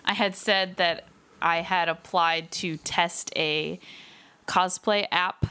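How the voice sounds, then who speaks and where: A woman's voice: on the low side, fairly even intonation, slow, bright, forceful tone, smooth. A woman co-hosting a podcast in casual chat, rambling and giggly with lots of fillers. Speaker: podcast co-host.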